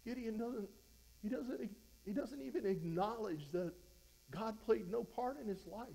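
A man's voice: high voice, expressive, unhurried, gravelly, warm tone, slightly rough, rough recording. A man preaching a verse-by-verse sermon as a pastor, fervent and exhorting, conversational with frequent restarts. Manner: fervent, exhorting, voice rises when fired up.

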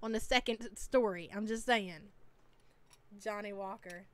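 A woman's voice: mid-range voice, measured pace, a bit bright, clear, resonant tone, no echo. A woman hosting a casual live-stream reaction, chatty and teasing as she reads chat names aloud.

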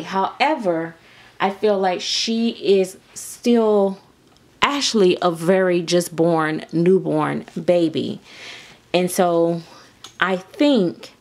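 Slow-talking gushing woman. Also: medium pitch. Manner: gushing, exclaims often, speaks to viewers as "y'all" and "baby". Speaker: reborn doll artist. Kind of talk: casual vlog chat.

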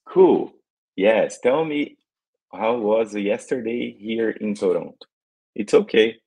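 A man from Brazil with a Brazilian Portuguese accent, presenting a live coding demo in halting English, searching for words. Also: fairly low pitch, creaky, darkish tone, breathy edge, low-quality recording.

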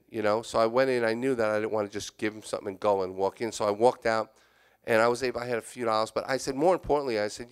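A man's voice: medium pitch, a little fast, clean tone. A man preaching a sermon as a church elder, telling stories in a conversational way and repeating key lines for emphasis. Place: church sanctuary.

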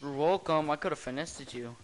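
A man chatting casually with friends while playing a game, excitable and joking as he calls out to his teammates. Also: on the high side, fairly quick, a little hiss or hum. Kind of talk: casual gameplay chat with friends.

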